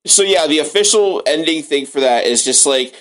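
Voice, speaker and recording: A man's voice: on the high side, expressive, moderate pace, a bit bright. Rambling man chatting on a podcast. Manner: rambling, full of "like" fillers. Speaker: podcast co-host. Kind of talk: casual chat.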